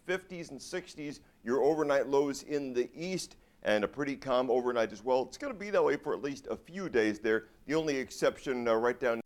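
A man giving a weather forecast in a relaxed, conversational way, with the odd filler. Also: mid-range voice.

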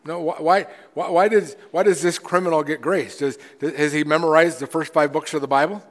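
A man preaching a sermon as pastor, earnest, often repeating words as he restarts and swinging between loud and quiet. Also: a little high, steady tone, brisk, in a large hall.

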